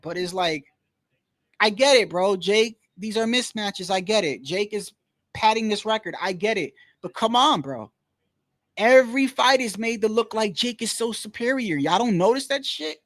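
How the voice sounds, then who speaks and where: Male streamer, high-pitched, slangy and blunt, casual live fight commentary, dry close mic. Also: a bit bright, no echo. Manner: slangy, says "bro" constantly, blunt and opinionated.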